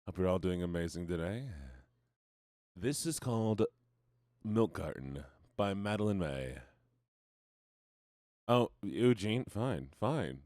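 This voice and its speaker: Male streamer with a put-on Southern accent, low and very lively in pitch, playful and sleepy. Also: slow pace, pauses often, dry recording, studio quality. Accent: put-on American Southern. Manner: sing-song repeated greetings to viewers; joking and drowsy. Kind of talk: casual livestream chat.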